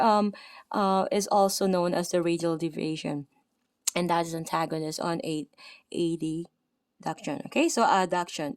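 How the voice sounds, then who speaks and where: A woman's voice: fairly low pitch, a little mellow, clear, resonant tone, no room sound, studio quality. Filipino-accented woman teaching anatomy. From Philippines. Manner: halting, many fillers and self-corrections. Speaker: massage therapist teaching anatomy. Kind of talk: casual online anatomy lesson.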